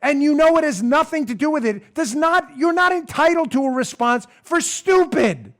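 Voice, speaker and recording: A man's voice: extremely high pitch, lively intonation, moderate pace. A man hosting a political talk show, sarcastic and exasperated, ranting and mocking as he goes. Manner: ranting, getting louder. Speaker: podcast host. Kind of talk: political commentary.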